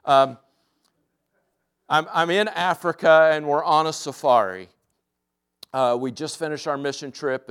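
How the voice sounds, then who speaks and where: A man preaching a sermon, telling stories in a relaxed way and dropping to soft, deliberate emphasis. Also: mid-range voice, clean tone. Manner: relaxed storytelling that drops to soft, slow emphasis. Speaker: pastor. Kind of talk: sermon with personal anecdote.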